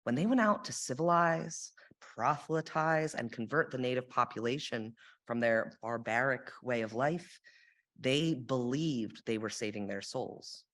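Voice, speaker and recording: A young woman delivers a sermon from a church sanctuary. Her delivery is reflective and measured, with an occasional dry, sarcastic aside. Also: extremely low pitch. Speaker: lay sermon speaker.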